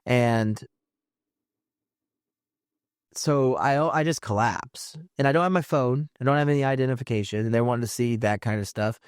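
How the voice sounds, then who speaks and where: A man tells a personal story, stopping and restarting his sentences as he goes. His voice sits at an ordinary middle pitch. It is recorded close and dry, with no room sound. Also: clean tone, no echo. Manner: halting, restarts mid-thought. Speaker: podcast host.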